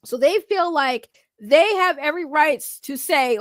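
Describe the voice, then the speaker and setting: Female commentator, high voice, animated and profane, dry close sound. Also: measured pace, hardly any pauses, no room sound. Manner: animated, profane, laughing, incredulous. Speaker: YouTube commentator. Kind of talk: casual commentary chat.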